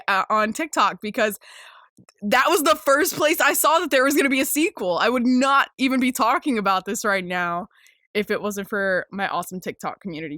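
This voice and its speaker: Excitable young woman podcaster, bright voice. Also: fairly high pitch, no echo, clean studio sound. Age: 20s. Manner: excitable, swears freely, laughs a lot, many fillers. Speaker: podcast host. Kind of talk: casual solo podcast chat.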